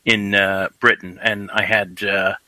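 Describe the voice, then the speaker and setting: Male call-in guest, profane ranter; tense bright tone, dry. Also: lowish voice, little pitch movement, measured pace, no echo, rough recording. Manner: ranting, profane. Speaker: caller. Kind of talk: casual phone-in chat. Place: South Florida.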